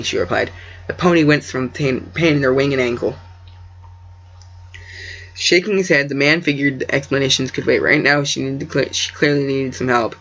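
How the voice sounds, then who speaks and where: A man's voice: mid-range voice, steady tone, moderate pace, a bit bright. A man reading his own story aloud, stumbling over words and breaking off into joking asides. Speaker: amateur story reader. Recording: dull lo-fi recording.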